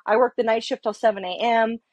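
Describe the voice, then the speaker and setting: A woman's voice: a little high, brisk, dry recording. A middle-aged woman and police officer, telling a story in casual talk, swearing and acting out heated quotes. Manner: profane, animated, acts out heated quotes.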